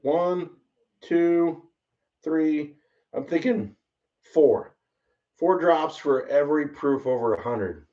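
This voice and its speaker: A man hosting a casual bourbon tasting, excitable and rambling, exclaiming often. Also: mid-range voice. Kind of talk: casual livestream tasting chat. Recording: slightly distant, dull lo-fi mic.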